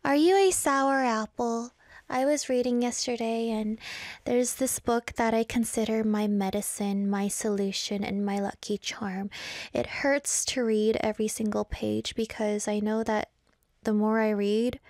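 A woman DJ hosting a radio show, chatting and reading listener comments. Her voice swings between a high register and a low, breathy one. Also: flat delivery, a little slow, a little mellow, dry recording, studio quality. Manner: drops into a breathy whisper at times. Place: broadcast studio in South Korea.

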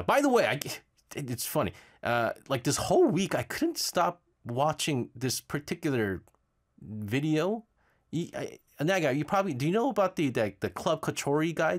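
A man hosting a radio show, chatting casually and reading listener messages, with lots of fillers and stammers. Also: a little high. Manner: lively, rambling, frequent fillers and stammers. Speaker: radio host. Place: radio studio.

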